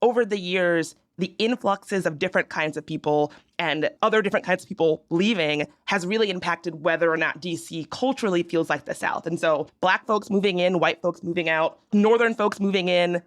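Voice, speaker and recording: A woman's voice: on the low side, a little fast, few pauses. A young woman from the American South co-hosting a podcast, chatting casually and explaining with humorous asides. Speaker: podcast co-host. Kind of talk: casual chat.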